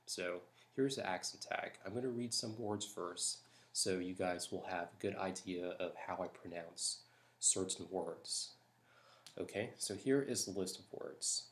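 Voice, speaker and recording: A man from Florida, talking softly and hesitantly late at night while doing a tag video. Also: low-pitched, unhurried. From Jacksonville, Florida. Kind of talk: accent tag reading. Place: house at night.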